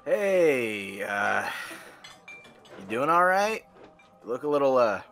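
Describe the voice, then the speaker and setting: An actor playing a caring, perceptive male coworker who talks gently with a teasing edge. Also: mid-range voice, sing-song, slow pace, faint music behind, full character voice. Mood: concerned. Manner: gentle, teasing, hesitant fillers.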